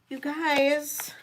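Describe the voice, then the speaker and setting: High-voiced woman hosting a live sale. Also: background noise. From Detroit area, United States. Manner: chatty, addresses viewers directly. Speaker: host of a live vintage jewelry sale. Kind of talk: live-stream auction chat.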